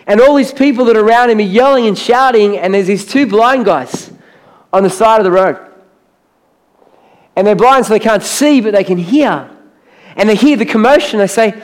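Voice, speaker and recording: Man, pastor, church sermon, high voice, animated storytelling. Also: moderate pace, long pauses. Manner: animated storytelling, acting out Bible characters' voices. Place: church stage.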